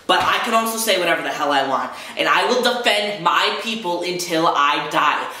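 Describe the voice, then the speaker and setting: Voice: medium pitch, expressive, normal speed, few pauses, sharp tone. A young adult vlogger from the United States, venting in an angry rant with frustrated outbursts and swearing. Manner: frustrated, swearing, talks in bursts. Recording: very echoey room.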